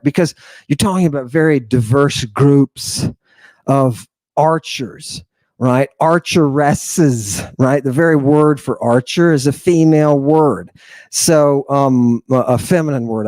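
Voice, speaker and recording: Man, casual lecture, joking, restarts often, higher voice, dry sound. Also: a little mellow, no room sound. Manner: irreverent, joking, talks over himself and restarts.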